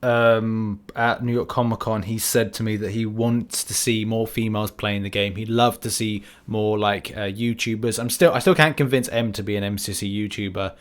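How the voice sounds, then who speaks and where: A man's voice: fairly low pitch, steady tone, normal speed, hardly any pauses. A man hosting a casual gaming podcast, jokey and self-deprecating in easy chat. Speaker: podcast host.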